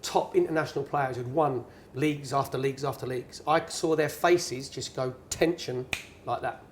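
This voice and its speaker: A middle-aged Englishman, a former footballer and pundit, is the guest speaker at a networking event's bar, telling a long anecdote on stage and acting out what people said. He's a chatty, animated storyteller with a mid-range voice and moderate pace, and there's slight background noise.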